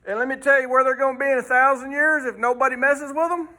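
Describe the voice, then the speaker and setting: A man's voice: very high voice, steady tone, quick pace, sharp tone. A man teaching a folksy Sunday school lesson, rambling and throwing in rhetorical questions.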